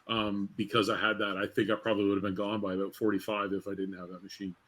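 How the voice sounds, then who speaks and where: A man's voice: on the low side, little pitch movement, quick pace, a bit bright, husky. A man in his fifties, a podcast host telling stories in a chatty, casual way. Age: 50s. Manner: chatty storyteller, frequent restarts. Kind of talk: casual chat.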